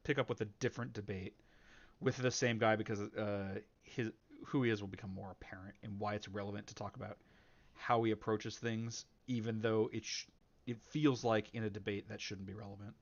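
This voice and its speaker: A man's voice: on the low side, fairly even intonation, brisk. A man talks through a debate clip in loose, casual commentary. He rambles and restarts sentences, padding his points with fillers. The recording sounds slightly dull and lo-fi. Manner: rambling, many fillers and self-corrections. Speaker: reaction channel host.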